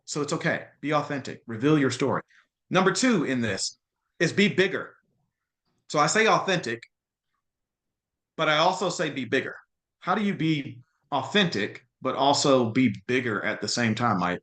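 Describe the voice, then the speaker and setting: A man in his thirties coaching real estate agents in a lively, conversational motivational talk, often restarting and acting out quotes. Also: mid-range voice, moderate pace. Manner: energetic, conversational, many restarts and acted-out quotes. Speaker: guest speaker, real estate social media coach.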